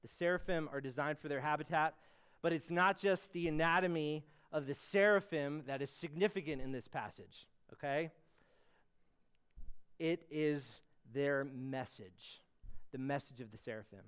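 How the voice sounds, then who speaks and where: Male preacher, clear ringing tenor-ish voice, earnest conversational sermon with emphatic peaks. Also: on the high side, normal speed, fairly bright tone. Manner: earnest teaching, rising to emphatic bursts on key words; frequent fillers and restarts, conversational asides.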